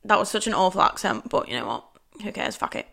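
Bright chatty young woman. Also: medium pitch, big pitch swings, fast, gravelly. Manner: chatty, rambling, says "like" constantly. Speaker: podcast host. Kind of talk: casual solo podcast chat.

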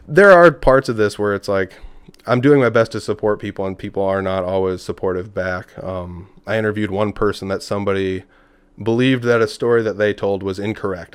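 Fast-talking low-voiced man telling stories. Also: clear, resonant tone, dry recording. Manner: rambling storyteller who acts out quotes. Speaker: podcast guest. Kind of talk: casual conversation.

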